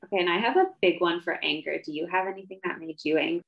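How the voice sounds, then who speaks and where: A woman co-hosting a casual book-discussion podcast, talking in an animated, emphatic way that climbs sharply when she gets worked up. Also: fairly low pitch, rapid-fire, creaky, highs cut off. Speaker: podcast co-host.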